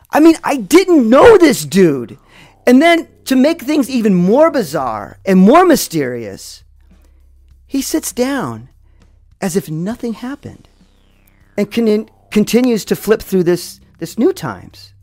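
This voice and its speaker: Slow, lively-voiced male storyteller. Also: sits high, no room sound, clean studio sound. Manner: slow, dramatic delivery with many fillers. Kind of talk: first-person spoken storytelling.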